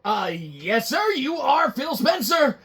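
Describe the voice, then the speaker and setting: A man's voice: extremely high pitch, very animated, slow pace, a bit bright, voice pushed up, heavily acted. A man voicing a nervous male office worker who stammers and keeps saying sir. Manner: stammering, deferential.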